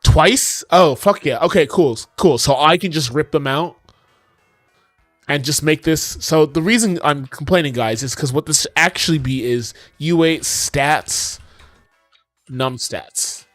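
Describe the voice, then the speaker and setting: A man's voice: fairly high pitch, a little slow, fairly bright tone, no echo, faint music behind. A man streaming his game coding in casual talk, exasperated, swearing often and talking to his chat.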